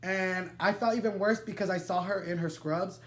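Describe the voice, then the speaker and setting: A young man telling a wild personal story to the camera, animated and dramatic, swearing freely and laughing through his digressions. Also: high-pitched, moderate pace. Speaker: vlogger. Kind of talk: storytime vlog, casual and profane.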